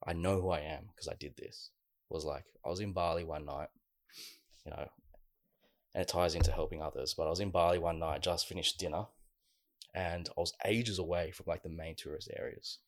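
Deep-voiced man telling a story. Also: brisk, no echo, clean studio sound. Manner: animated storyteller, many fillers. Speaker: podcast co-host. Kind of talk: casual podcast chat.

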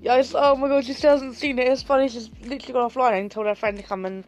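A young woman hosts a casual podcast chat with her viewers, sassy and theatrical and swearing a lot. Her voice is a little high and brisk, with few pauses, and faint music plays in the background.

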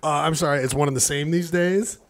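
A man co-hosting a comedy podcast in casual banter, with dry, deadpan jokes. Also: on the high side, brisk, noisy background. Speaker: podcast co-host.

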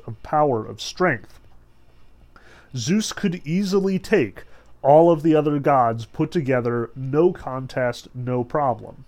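A male teacher lectures in a loose, chatty way, dropping "like" and "um" as he goes. His voice sits a bit higher than most men's. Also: darkish tone. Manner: conversational, frequent "like" and "um" fillers. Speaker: literature teacher. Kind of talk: casual lecture.

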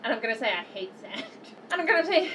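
High-voiced giggly woman player. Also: fast. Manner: giggly, animated. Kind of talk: tabletop role-play. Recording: distant mic with faint noise.

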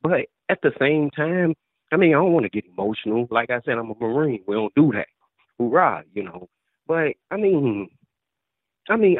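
A man in his forties calling in to a show, speaking haltingly and repeating words as his voice rises with emotion. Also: medium pitch, breathy edge, no room sound. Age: 40s. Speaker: caller. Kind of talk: emotional phone call to a show. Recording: tinny dry phone line.

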